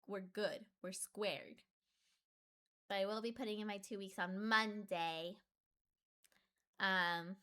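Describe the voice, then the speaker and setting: A young adult woman chatting casually with her stream, full of fillers and sudden jumps up in pitch when she gets excited.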